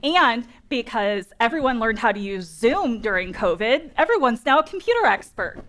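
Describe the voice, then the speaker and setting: Delivering a conference keynote on dental data security in a meeting room, a Northern Californian woman in her thirties is funny, direct and quick to poke fun at herself. Her voice is a little high with a fairly bright tone.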